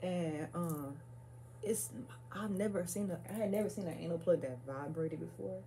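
A young woman with a lowish, mellow voice tells a casual story-time vlog, chatty and profane and peppered with filler words. She laughs easily from nerves. A faint hum sits under her voice. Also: moderate pace. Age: young adult. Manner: chatty, profane, lots of "like" and "y'all"; nervous laugher. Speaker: vlogger.

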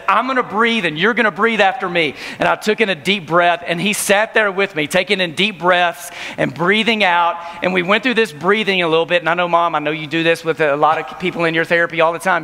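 A man in his thirties giving an energetic youth camp sermon, telling stories and acting out voices. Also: on the high side. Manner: storytelling, acts out voices, laughing. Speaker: camp speaker. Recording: reverberant hall.

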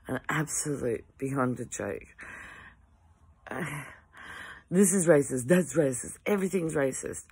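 An Australian woman ranting to camera in an exasperated way, sighing often and halting through restarts. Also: very deep voice, slightly rough.

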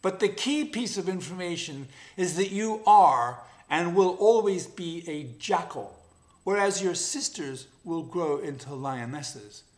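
Calm patient lioness mom, read by a guy, measured and firm, bit of a growl, storybook. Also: high voice. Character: patient, stern mother lioness. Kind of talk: storybook reading.

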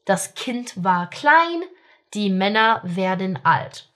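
A woman teaching a German grammar lesson in casual speech. She explains each step, keeps asking "right?", and says the German sample sentences slowly. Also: medium pitch, big pitch swings, a bit bright.

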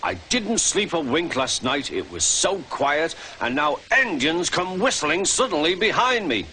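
A man's voice: on the high side, big pitch swings, measured pace, heavy background noise, voice pushed up. A man voicing a stern, cross male police officer who splutters and snaps in an officious way, with music behind. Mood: indignant.

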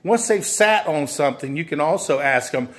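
A man's voice: a little high, animated, moderate pace, fairly bright tone. A man teaching furniture sales in a conversational way, repeating phrases and acting out the exchanges between salesperson and customer. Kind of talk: instructional talk with acted sales dialogue.

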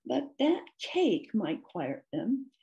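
Shrill storybook mother alligator, protective and indignant, voiced by a woman. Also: very animated, takes it slowly, gravelly, mellow, dull audio, heavily acted.

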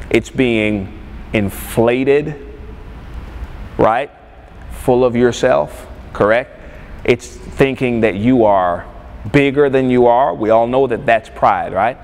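A man preaching in a large church hall, and his voice trails off into a long reverb. He sets a slow, unhurried pace and leans hard on single words. He keeps asking the room to answer back. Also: medium pitch, darkish tone. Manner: calls for congregation responses, slow emphatic delivery. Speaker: pastor. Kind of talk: sermon. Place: church sanctuary. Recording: long hall reverb, faint background noise.

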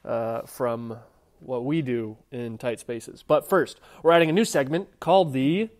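A man hosting a podcast, opening the episode casually and speaking to listeners in a relaxed, friendly way. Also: medium pitch, measured pace. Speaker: podcast host.

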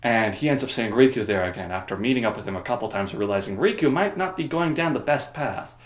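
A man's voice: mid-range voice, lively intonation, fast talker. A man casually rambling through a comedic story summary, jokey and offhand, recorded in a roomy space. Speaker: video creator. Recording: roomy echo.

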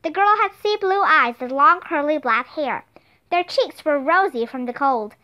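A woman narrating a children's storybook aloud in an expressive, clear manner. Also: high-pitched, normal speed. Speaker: audiobook reader.

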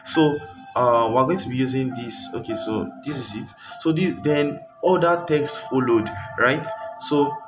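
A man teaching graphic design in a loose, rambling way, stopping often to find the right word. He sits some distance from the microphone, and clear background music runs under his voice. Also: medium pitch, a little slow. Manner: rambling, searches for words with frequent fillers. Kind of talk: screen-recorded tutorial.

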